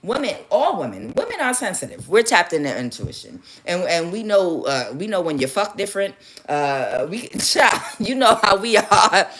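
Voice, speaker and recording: A woman giving a casual tarot reading, animated and sassy, laughing often and calling the listener child. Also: mid-range voice, normal speed. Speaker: tarot reader.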